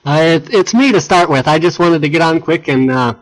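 A man's voice: fairly high pitch, brisk, low-quality recording. A man briefly and hesitantly greeting a prayer group before handing over the mic. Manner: hesitant, friendly. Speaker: prayer room participant.

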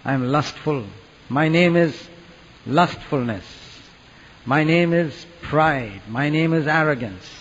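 A man preaches earnestly, dropping to a hush and then rising to loud, dramatic peaks. His fairly high voice rings through a long hall reverb, and the recording sounds dull and muffled. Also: slightly rough. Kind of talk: sermon.

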